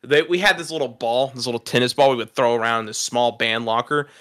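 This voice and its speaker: A young male podcast host with a mid-range, slightly bright voice talks fast, spinning a rambling, profane story for his friends and laughing at himself. The sound is clean, dry studio audio.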